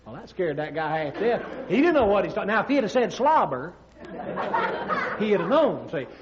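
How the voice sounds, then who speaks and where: Alabama preacher, folksy comic tales, higher-pitched voice, roomy room sound. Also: male voice, sing-song, normal speed, a crowd in the background, background noise. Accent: Southern US, Alabama. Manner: drawling, folksy asides. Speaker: pastor and comedian. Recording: roomy, dull old comedy record.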